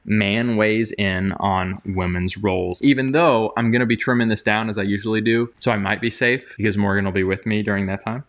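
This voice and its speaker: A man speaks on a livestream in an earnest, meandering way. His voice sits somewhat low. He reads out comments and explains his views. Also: steady tone, fairly quick, few pauses. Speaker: Christian YouTuber. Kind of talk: livestream talk.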